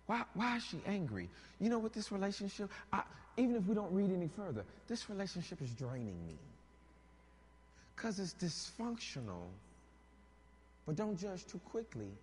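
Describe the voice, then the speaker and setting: Animated, husky-voiced male preacher. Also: high voice, normal speed, in a large hall. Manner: animated, joking, rises to shouts. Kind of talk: sermon.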